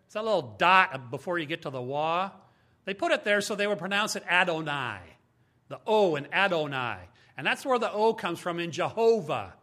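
Fields: Man, Bible teacher, lively high voice. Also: normal speed. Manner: emphatic, explains step by step with rhetorical questions. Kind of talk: teaching sermon.

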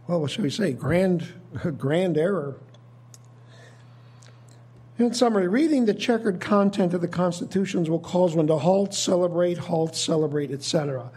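Male preacher, husky and high-pitched, measured teaching sermon. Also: warm tone. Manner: measured, thoughtful teaching with frequent restarts.

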